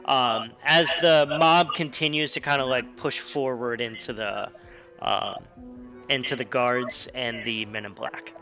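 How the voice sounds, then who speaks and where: A man narrating as game master of a tabletop role-playing game, relaxed and hesitant, with many pauses and fillers. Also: medium pitch. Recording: slightly dull lo-fi audio with faint music.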